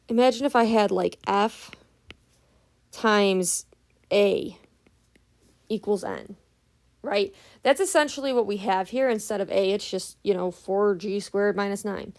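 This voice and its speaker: A woman's voice: mid-range voice, vocal fry. A young adult woman teaching math in a casual, patient way, stopping often to ask whether everyone is following, and sounding tired this early in the morning. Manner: patient, explaining step by step with frequent "right?" checks.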